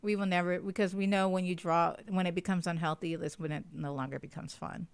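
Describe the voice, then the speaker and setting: A congested woman co-hosting a podcast in casual chat, chatty and quick to giggle. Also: fairly low pitch, fairly even intonation, creaky, smooth, no room sound. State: congested, sniffly. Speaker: podcast co-host.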